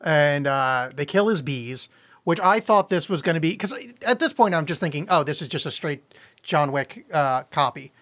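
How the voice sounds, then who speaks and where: A man in casual podcast chat with a slightly higher-pitched voice. He talks with excitement and swears freely as he reacts to a film. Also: moderate pace. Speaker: podcast co-host.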